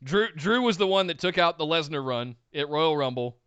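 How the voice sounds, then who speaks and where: A man's voice: a little high, expressive, moderate pace, a bit bright, clear, resonant tone, no echo, dull audio. A man co-hosting a wrestling podcast, venting in an exasperated, sarcastic way. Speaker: podcast co-host. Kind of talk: casual wrestling podcast chat.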